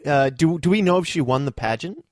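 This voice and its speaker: A man's voice: on the high side, lively intonation, brisk, a little mellow, no room sound. A man co-hosting a podcast, chatting casually with dry, sarcastic humor. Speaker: podcast co-host. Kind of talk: casual chat.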